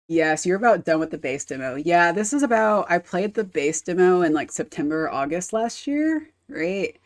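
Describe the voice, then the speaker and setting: A woman game streamer chatting casually on a live stream, rambling and explaining with casual swearing. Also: lowish voice.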